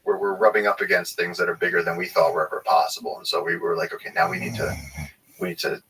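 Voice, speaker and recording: A man who handles wild snakes tells field stories in a loose, animated way, full of fillers and restarts. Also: low-pitched, quick pace, distant mic, a little hiss or hum, low-quality recording. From United States. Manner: animated, filler-heavy storytelling with many restarts. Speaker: guest, wildlife researcher. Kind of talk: casual storytelling conversation.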